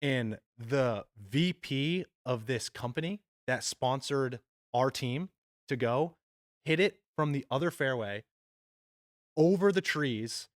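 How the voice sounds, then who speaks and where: A young man on a podcast, telling a wild story in a loose, animated way, full of "dude" and "like," and swearing freely. His voice sits mid-pitch and sounds dry, close to the mic. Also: takes it slowly, no echo. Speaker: podcast co-host. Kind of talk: casual storytelling chat.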